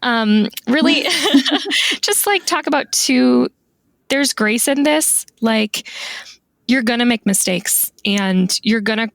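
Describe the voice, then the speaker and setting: A woman with a gravelly, fry-tinged voice, a little rough from the morning, chats casually as a podcast guest. She speaks thoughtfully and leans on "like" as she works through her ideas. The recording is close and dry. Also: a little high, expressive, takes it slowly, fairly bright tone, no room sound. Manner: thoughtful, lots of "like" fillers. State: morning voice, clearing throat. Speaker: guest stationery calligrapher.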